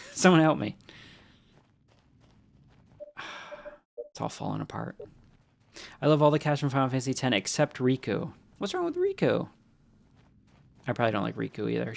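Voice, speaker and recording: A man's voice: medium pitch, gravelly. A man streaming a video game, rambling casually, answering chat, and making jokey asides, with a stuffy nose from allergies. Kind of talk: casual live-stream chat while playing.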